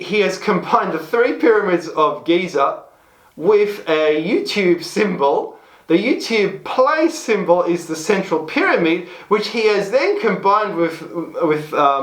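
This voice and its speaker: A man hosting his own show, chatting excitably and rambling with frequent restarts. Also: a little high. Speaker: host. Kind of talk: casual solo show to camera. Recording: echoey room.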